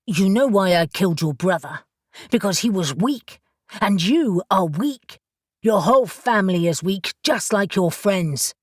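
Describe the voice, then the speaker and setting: A woman's voice: mid-range voice, animated, a little slow, dry recording, studio quality. A woman reading the part of a cold, sneering young man in an audiobook. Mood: taunting.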